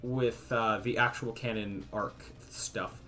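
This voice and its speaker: A man's voice: on the low side, fairly even intonation, slow, bright, forceful tone. A young man streaming game development, thinking aloud casually as he tests values, trailing off and restarting his sentences. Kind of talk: casual livestream thinking aloud while coding.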